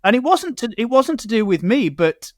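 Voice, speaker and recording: A man's voice: very high-pitched, big pitch swings, moderate pace, no echo, studio quality. A man from Britain hosting a radio talk show, chatting casually and telling stories with quoted asides. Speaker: host.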